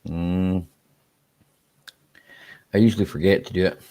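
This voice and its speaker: Easygoing Scottish man, lowish voice. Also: unhurried. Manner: relaxed and chatty, ends lines with "eh?"; laughs easily. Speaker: live-stream host. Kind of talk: casual live-stream chat reading viewer comments.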